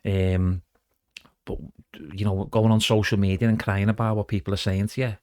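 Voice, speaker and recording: Chatty middle-aged man, low dry voice. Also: little pitch movement, normal speed, a little mellow, no echo. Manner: chatty and rambling, calls the host "mate". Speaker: guest impressionist. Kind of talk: casual podcast chat.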